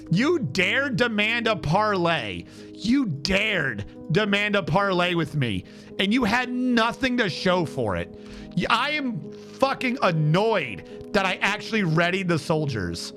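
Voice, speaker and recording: A man streaming a game with casual commentary, animated and exasperated, swearing freely and talking to chat. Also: high voice, unhurried, soft background music.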